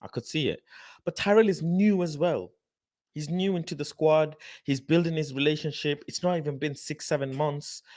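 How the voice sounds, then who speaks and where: A man talks over a clip he is reacting to, sliding from calm explanation into loud, repetitive rants. He hammers the same short phrase again and again when something annoys him. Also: on the high side, moderate pace. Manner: rants and repeats phrases loudly. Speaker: fan channel host reacting to an interview. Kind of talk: animated casual commentary.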